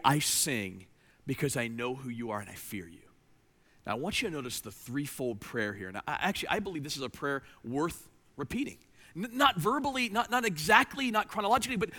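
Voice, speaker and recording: Man preaching a sermon, high voice, bright and forceful tone, emphatic with hushed drops. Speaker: pastor.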